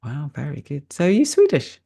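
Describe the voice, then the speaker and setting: A woman's voice: deep voice, huge pitch swings, fairly quick, vocal fry, warm tone, husky. A woman in her later years, a meditation teacher, chatting casually and laughing at herself while closing a live online session over a video call. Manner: chatty and self-deprecating, laughs easily.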